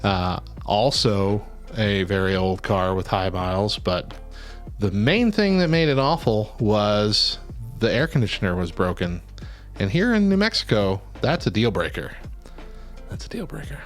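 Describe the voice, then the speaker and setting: A man's voice: fairly low pitch, lively intonation, unhurried, faint music behind. A man co-hosting a stream, chatting casually in a rambling way and laughing often. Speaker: stream co-host. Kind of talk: casual chat.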